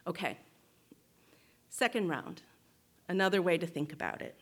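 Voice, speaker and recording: A woman giving a reflective spoken teaching to a group, measured and thoughtful, often checking in with "right?" and restarting phrases. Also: on the low side, expressive. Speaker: guest speaker.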